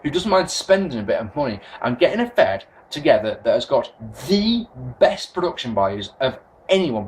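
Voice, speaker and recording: Animated, ranting English man. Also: on the high side, slight background noise, low-quality recording. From England. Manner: ranting, animated, swears freely, many restarts. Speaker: wrestling vlogger. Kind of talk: casual opinion rant to camera.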